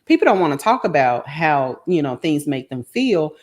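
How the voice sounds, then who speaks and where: A woman, co-hosting a podcast and chatting casually with her husband in quick, emphatic bursts. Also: low voice, big pitch swings, darkish tone. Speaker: podcast co-host.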